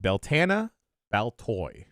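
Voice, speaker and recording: A man hosts a podcast quiz, reading each question with a lively, bouncing pitch. His voice is dry and close on a studio mic, with no room sound. The delivery is wry and casual. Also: slow, dry recording. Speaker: podcast host running a quiz.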